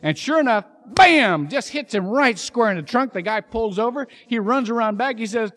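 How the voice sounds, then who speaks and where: A male pastor preaching a sermon in a church, with animated storytelling and sudden emphatic bursts. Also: very high-pitched, moderate pace, few pauses. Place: church sanctuary.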